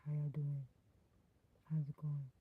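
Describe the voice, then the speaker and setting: A woman doing a deep-voiced, laid-back male show host who greets viewers with a drawl. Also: completely flat delivery, a little slow, slightly rough, narrow, tinny audio. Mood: mock greeting.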